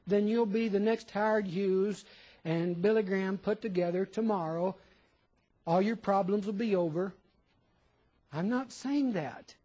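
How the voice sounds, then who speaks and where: Casting: high-pitched male preacher, sermon delivery, rhetorical questions, acts out imagined listeners. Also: darkish tone, rough recording. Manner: questioning, quotes imagined listeners in shifting voices.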